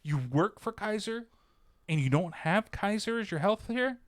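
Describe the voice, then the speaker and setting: A man's voice: high voice, animated, measured pace. A man co-hosting a podcast, telling a profane, ranting story in casual chat. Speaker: podcast co-host.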